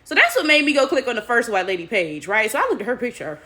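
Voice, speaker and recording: An American woman talking straight to her viewers in animated, casual commentary. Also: a little high, quick pace. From United States. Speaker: vlogger.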